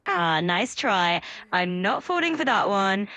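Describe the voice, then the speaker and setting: British woman, AI assistant voice, mid pitch, upbeat and accommodating, smooth chatbot read. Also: big pitch swings, unhurried, bright, forceful tone. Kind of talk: chatbot conversation.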